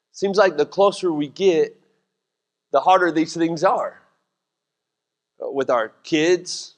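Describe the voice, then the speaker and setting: A middle-aged pastor with a drawl preaches in a loose, joking, conversational way, breaking into quick voiced asides. His voice sits high for a man. A long church reverb hangs behind his words. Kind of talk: sermon. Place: church sanctuary.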